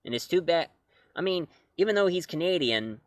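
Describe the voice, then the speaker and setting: A man's voice: on the high side, animated, moderate pace, dry recording. A man reviewing comics and films in a casual talk to camera, rambling and correcting himself as he goes. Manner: rambling, self-correcting, chuckling.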